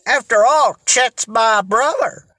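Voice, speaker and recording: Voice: medium pitch, slow, sharp tone, no echo, clean studio sound. A reader voicing Lola, an anxious teenage girl who pleads to come along, in an audiobook. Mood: pleading. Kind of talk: audiobook character reading.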